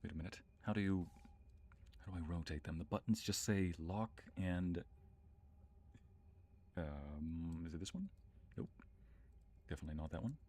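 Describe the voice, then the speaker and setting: A man's voice: low voice, moderate pace, long pauses, a little mellow. A young adult man casually commenting on a game he is playing, chatting with viewers and thinking aloud. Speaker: streamer. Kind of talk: casual let's-play commentary.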